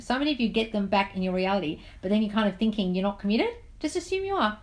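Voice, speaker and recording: A woman's voice: medium pitch, animated, quick pace, hardly any pauses, low-quality recording. Woman, live-stream manifesting coach, casual and chatty, affectionate "darling" habit. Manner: chatty, calls listeners darling, reads comments aloud. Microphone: phone on a live stream.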